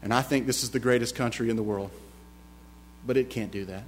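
A man preaching a sermon, slowing down for emphasis and moving between hushed passages and loud, emphatic climaxes. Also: mid-range voice, steady tone, a little hiss or hum. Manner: slows down for emphasis, with restarts.

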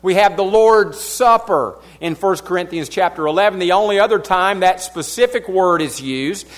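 A man with a Southern US accent teaching a Bible lesson from the front of his church, his voice sitting fairly high. He keeps it folksy and conversational, poking fun at himself as he explains the passage. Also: normal speed. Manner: folksy, self-deprecating asides.

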